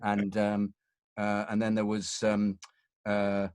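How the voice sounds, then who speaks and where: A middle-aged man, a voice actor and interview guest, telling stories in an animated, self-deprecating way and acting out voices. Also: fairly low pitch, slow pace, clear, resonant tone, no room sound. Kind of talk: casual interview storytelling.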